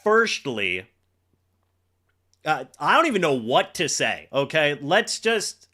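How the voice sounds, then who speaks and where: Hyped guy reacting to football on a livestream, high voice, loud then crushed, drawn out words. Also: takes it slowly. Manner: excitable, swings from shouting to deflated mumbling; talks to chat. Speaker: fan livestream host. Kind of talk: live game reaction commentary.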